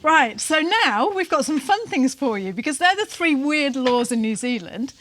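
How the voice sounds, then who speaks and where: A woman's voice: high-pitched, lively intonation, moderate pace, fairly bright tone, slight background noise. A woman co-hosting a vlog in casual chat, teasing and laughing often as she talks, seated outdoors. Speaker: vlog co-host. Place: sitting outdoors.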